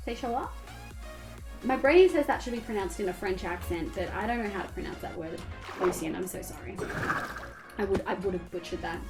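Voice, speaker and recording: A woman's voice: mid-range voice, lively intonation, fairly quick, over loud music. Chatty Australian woman streaming a game. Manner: chatty, candid, swears casually, reads chat aloud. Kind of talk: casual chat while gaming.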